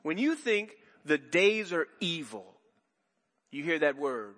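A man's voice: on the high side, big pitch swings, unhurried, pushed and bright, in a large hall. A man preaching a sermon in a church, talking in a loose conversational way with many restarts and asides. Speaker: pastor. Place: church sanctuary.

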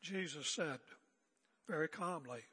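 An older man preaching a sermon as pastor, seated and speaking in a calm, conversational way with rhetorical questions. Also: fairly high pitch, measured pace, slightly rough, long reverb tail. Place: church sanctuary. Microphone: seated at pulpit area mic.

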